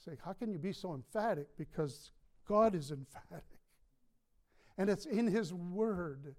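A male pastor preaching a sermon in a church, emphatic, with slow stressed words and light chuckles. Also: high voice, lively intonation, darkish tone. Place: church sanctuary.

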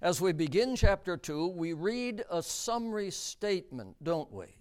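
A man preaching a sermon, emphatic and deliberate, repeating key words for stress. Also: sits high, sing-song.

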